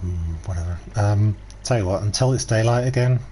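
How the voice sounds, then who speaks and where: A chatty middle-aged man with a low voice rambles through casual stream commentary. He swears freely and laughs easily. Faint background sound sits under his voice. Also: a little fast, dark tone, slight background noise.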